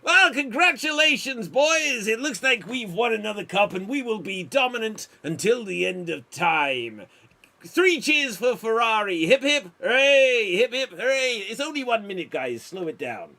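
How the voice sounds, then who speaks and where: A man voicing a loud, excitable racing team boss in an improv scene. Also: sits high, fairly quick, hardly any pauses, exaggerated voice. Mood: boisterous.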